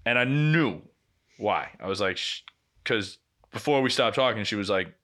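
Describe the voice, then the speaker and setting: A man's voice: lowish voice, normal speed, sharp tone. A young man co-hosting a podcast, telling a story in casual chat with blunt, profane language. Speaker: podcast co-host.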